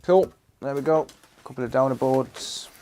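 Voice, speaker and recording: A man's voice: medium pitch, moderate pace, slight background noise. A man repairing consoles on a live stream, chatting casually and joking with his viewers. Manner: relaxed, joking, chats with viewers. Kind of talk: casual livestream chat while working.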